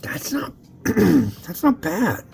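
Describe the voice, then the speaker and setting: Chatty guy reviewing noodles, slow and rambly, voice bounces up and down, faint music behind. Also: high voice, huge pitch swings, vocal fry, darkish tone, in a whisper. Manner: rambling, chatty, talks straight to viewers. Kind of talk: casual chat while cooking and tasting.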